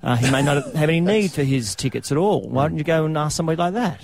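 A man with an Australian accent hosting a radio show, joking and chatty in quick banter. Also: a little high, vocal fry, a little mellow, no room sound, clean studio sound. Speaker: radio host. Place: radio studio.

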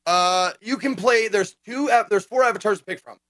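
A man chatting casually as a gaming podcast co-host, animated and profane, acting out quotes as he tells stories. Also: sits high, normal speed, no room sound. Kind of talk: casual chat.

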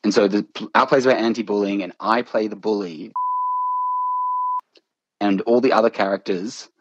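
A man's voice: lowish voice, fairly even intonation, moderate pace, lo-fi sound, background noise. A man, a podcast guest, telling a story in casual chat and laughing at himself as he goes. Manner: laughs through his own stories, self-mocking.

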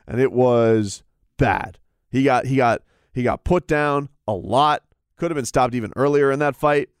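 A man's voice: medium pitch, no room sound, studio quality. Rambling man talking fight sports. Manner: rambling, repetitive restarts. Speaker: combat sports commentator. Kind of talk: casual chat.

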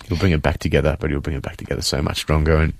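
A man speaking earnestly in a radio studio interview, halting with fillers as he gives a heartfelt testimony and reads a letter to his mother. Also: extremely low pitch, little pitch movement, vocal fry, dry recording. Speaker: interview guest, son of the guest. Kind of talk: emotional testimony, reading a letter aloud.

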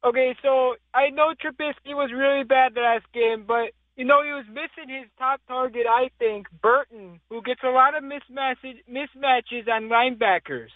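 A man's voice: very high voice, normal speed, hardly any pauses, no echo, pitched above the performer's own voice. A man putting on a fake Chicago-accented voice as an eager sports-radio caller, heard over a phone line. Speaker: prank caller.

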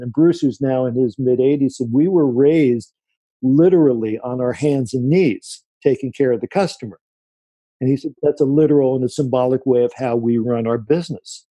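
A man's voice: medium pitch, fairly quick, slightly rough, dry recording. A man being interviewed as an author, answering at length with stories and quoted remarks. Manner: anecdotal, animated when quoting people.

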